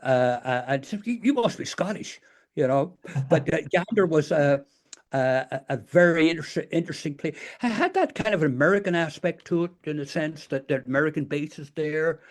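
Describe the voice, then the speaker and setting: Older man, Northern Irish accent, slightly high voice, rambling, lots of restarts, interview guest. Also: normal speed. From Northern Ireland. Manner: rambling, full of restarts and "you know". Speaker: guest, retired teacher and memoir author. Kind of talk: casual storytelling interview.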